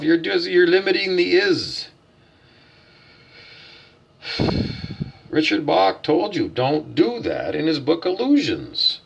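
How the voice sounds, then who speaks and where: A man's voice: on the high side, big pitch swings, unhurried, creaky, breathy edge, highs cut off. A man delivering a blunt, profane, preachy vlog rant as a self-styled spiritual teacher, asking himself questions and answering them. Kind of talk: ranting vlog monologue.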